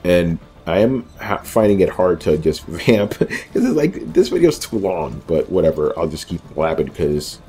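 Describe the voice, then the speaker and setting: Deep-voiced man rambling over gameplay. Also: dark tone. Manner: rambling and loose, with many fillers and self-mocking asides. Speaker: video game walkthrough commentator. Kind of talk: casual gameplay commentary.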